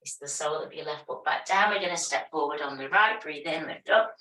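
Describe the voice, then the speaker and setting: A woman teaching a yoga class, giving calm, step-by-step movement and breathing cues. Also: low-pitched, brisk. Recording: echoey room, voice from a distance.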